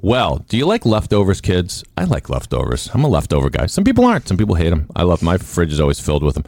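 A man's voice: sits low, sing-song, fast talker, creaky, darkish tone, no room sound. A man hosting a talk show in a studio, chatting casually and rambling with restarts. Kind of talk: casual interview chat.

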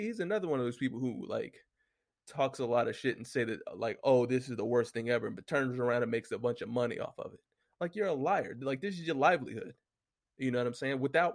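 This solo commentator has a gravelly, mid-range voice as he reads from notes in a casual rant about sports. He's heated and swears nonstop, padding his speech with "you know what I'm saying."

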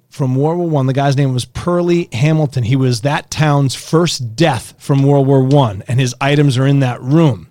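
A man hosting a podcast in casual chat, reacting excitedly to recordings he plays. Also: medium pitch, no room sound. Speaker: podcast host.

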